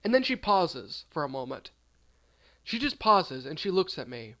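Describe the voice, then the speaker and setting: Brief: male storyteller, high-pitched, rambling and deadpan through a silly tale. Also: normal speed. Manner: rambling, deadpan absurd, trailing off. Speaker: storyteller, channel host. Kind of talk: absurd comedic storytime.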